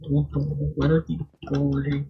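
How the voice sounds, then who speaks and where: A man's voice: a little high, flat delivery, takes it slowly, gravelly, slight background noise. A man streaming a video game live, muttering and swearing at it in frustration. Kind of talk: live gameplay commentary. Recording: dull lo-fi stream audio.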